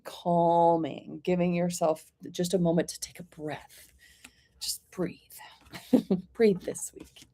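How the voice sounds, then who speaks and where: A woman of middle pitch reads oracle cards for her live viewers one by one. She talks in a gentle, reassuring, chatty way, greeting each person by name, and often pauses to clear her throat. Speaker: oracle card reader. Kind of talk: live-streamed card reading.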